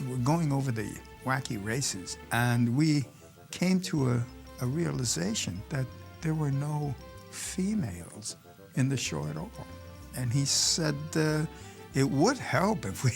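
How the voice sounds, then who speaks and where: A man who worked on the cartoon, recounting its creation in an interview with hesitant pauses. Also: medium pitch, big pitch swings, vocal fry, faint music behind. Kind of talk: reminiscing in interview.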